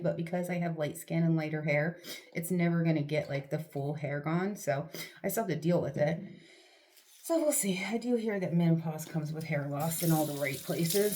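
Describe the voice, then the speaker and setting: A woman's voice: low-pitched, dark tone. A middle-aged woman vlogging at home, chatting casually to camera with rambling, self-deprecating asides and a sniffly nose. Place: at home, doing a face mask.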